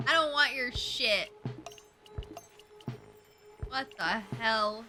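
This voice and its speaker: A young adult woman streaming a video game, chatting casually to herself and her viewers, excitable and quick to swear. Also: a little high. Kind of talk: casual gameplay commentary. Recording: game music playing behind.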